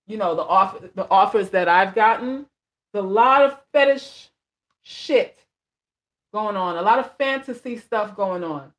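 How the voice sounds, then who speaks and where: A woman vlogger chatting casually on a livestream, blunt and emphatic, repeating phrases for emphasis and answering viewer comments. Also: mid-range voice. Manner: reads viewer comments aloud and answers them. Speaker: vlogger and life coach.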